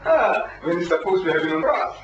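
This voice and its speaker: A man's voice: sits high, big pitch swings, fast. Emphatic man arguing in an echoey hall. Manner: emphatic and argumentative. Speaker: debater. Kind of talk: heated debate. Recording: echoey, distant, dull and noisy old recording.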